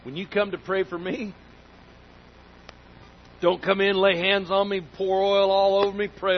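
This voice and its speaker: A man delivers a sermon in a high, bright-edged voice, emphatic and folksy, hammering his points by repeating them. The recording is slightly muffled, with a faint low rumble underneath. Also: little pitch movement, normal speed, long pauses. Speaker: pastor.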